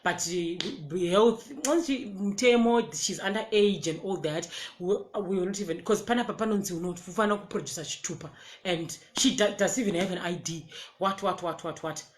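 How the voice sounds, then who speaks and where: A young adult woman with a Zimbabwean accent shares a personal story in a casual storytime way, speaking at a moderate pace in a fairly low pitch. She's animated, laughing often and repeating words.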